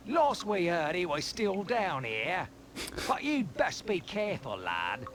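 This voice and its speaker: Brief: rough British thief guard, middle-aged, higher pitched and lively, noisy game audio. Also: male voice, takes it slowly, full character voice. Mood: gruff warning. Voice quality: rough folksy dialect, calls people lad. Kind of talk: game voice acting.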